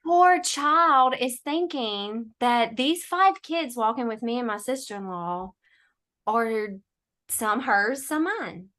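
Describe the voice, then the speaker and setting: A woman, a podcast guest telling a story in an animated, sarcastic way and laughing often. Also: on the high side, takes it slowly. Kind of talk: casual storytelling chat.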